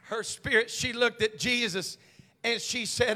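Man, pastor, very high voice, bright and forceful, fervent sermon, shouting peaks. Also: fairly even intonation, measured pace, in a large hall, some chatter behind. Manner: fervent, swings from quiet asides to shouted climaxes. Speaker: senior pastor. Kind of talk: preaching a sermon. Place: church sanctuary.

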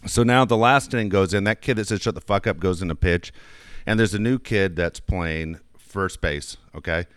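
A man's voice: sits low, moderate pace, fairly bright tone, clean tone, dry recording, clean studio sound. A middle-aged man telling a long coaching story in casual chat, rambling with many restarts. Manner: rambling anecdotes with frequent restarts. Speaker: youth baseball coach.

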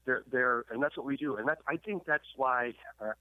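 Canadian-accented pastor phoning in, preachy, stumbles over repeats; thin phone line. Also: male voice, mid-range voice, normal speed, no room sound. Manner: stammering repeats, preachy emphasis. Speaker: guest pastor and historian. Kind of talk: radio interview, sermon-like storytelling. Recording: tinny phone line, dry.

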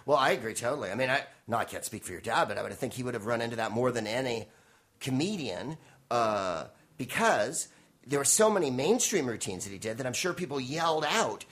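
A middle-aged man, a stand-up comedian and guest, telling rambling, animated stories in casual conversation and acting out other people's voices. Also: medium pitch, a little fast, slightly rough. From United States (San Francisco).

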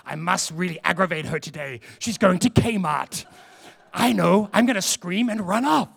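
A man's voice: high voice, animated, moderate pace, creaky, fairly bright tone, husky, in a large hall, exaggerated voice. A man acting out a mischievous toddler plotting to misbehave, gleeful and sly. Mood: scheming.

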